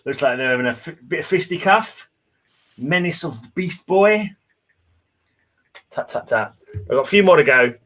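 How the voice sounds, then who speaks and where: A man's voice: a little high, animated, moderate pace, pauses often, a bit bright. A man hosting a casual livestream chat, laughing often. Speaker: stream host.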